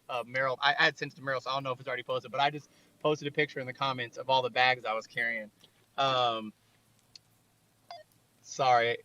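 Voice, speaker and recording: Videographer type, sharp bright tenor, loose rambling chat, dull lo-fi audio. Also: male voice, mid-range voice. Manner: rambling storytelling full of "like". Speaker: videographer and director. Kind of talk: casual chat.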